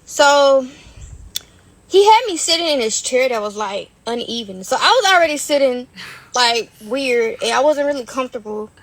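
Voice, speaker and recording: A woman's voice: sits high, animated, normal speed, dry recording. A woman telling her story in a casual, rambling, slangy way with lots of swearing and fillers, on a dry, close phone recording.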